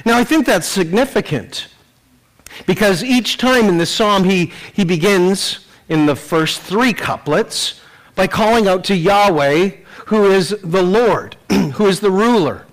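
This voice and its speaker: A man's voice: high voice, measured pace, low-quality recording. A man preaching a sermon, earnest, voicing the psalmist's cry with rising intensity, with some restarts. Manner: occasional restarts and throat clearing. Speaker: pastor.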